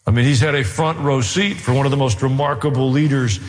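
A man preaching a sermon, earnest with dry asides. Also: a little fast. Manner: earnest preaching with dry asides, rising in pitch as he presses the point. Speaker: pastor. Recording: long hall reverb.

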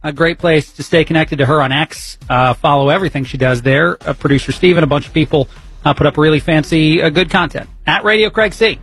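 Guy filling in on talk radio, kinda husky, a bit high, rambly and self-mocking, faint music under him. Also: brisk, fairly bright tone. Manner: chatty, rambling, self-mocking, laughs at his own jokes. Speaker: fill-in radio talk host. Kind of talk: casual talk radio monologue. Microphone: studio broadcast microphone.

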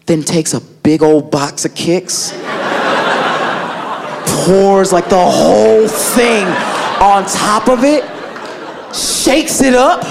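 A young male stand-up comedian telling an animated, filler-heavy story on a club stage. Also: sits high, slow, creaky, long pauses. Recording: noisy live club with crowd laughter. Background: audience laughter and room noise.

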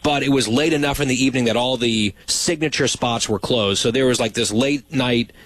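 A man's voice: medium pitch, a little fast, a bit bright, dry recording. A man hosting a talk show, chatting casually and teasing his producer with dry humor.

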